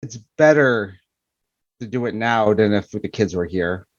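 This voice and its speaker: A man's voice: on the low side, expressive, a little slow, no echo, voice pushed down. An anxious husband, played by a man at a tabletop game presses his wife with earnest, shaky questions. The sound is dry and a little dull, with no room around it.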